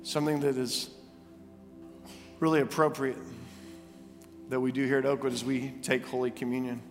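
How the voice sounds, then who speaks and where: A male pastor preaching a sermon in a church, telling stories with animated, emphatic repetition. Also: medium pitch, moderate pace, long reverb tail, soft background music. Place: church sanctuary.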